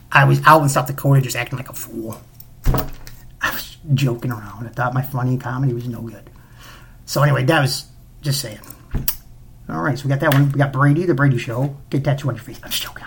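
A man hosting a casual solo podcast, rambling and excitable, often repeating himself. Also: medium pitch, husky. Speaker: podcast host.

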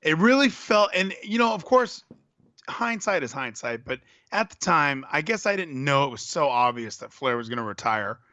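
A candid, sentimental man chatting casually and rambling through his thoughts. His voice is bright and sits a bit high, with a dry, close sound. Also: sing-song, normal speed, no room sound. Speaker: podcast co-host. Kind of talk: casual wrestling chat.

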